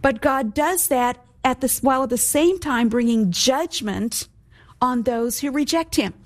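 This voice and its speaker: A middle-aged woman gives a recorded Bible teaching, her voice sitting a little high. She reads scripture slowly and emphatically, then explains it phrase by phrase to her listeners. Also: lively intonation. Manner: slow, emphatic scripture reading.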